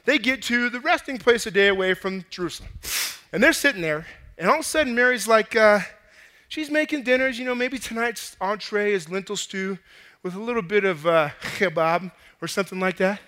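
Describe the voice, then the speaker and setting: A male preacher with a high, bright voice tells his story in a lively, playful way. His voice carries a long reverb, as if he is preaching in a large hall. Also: brisk. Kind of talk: sermon.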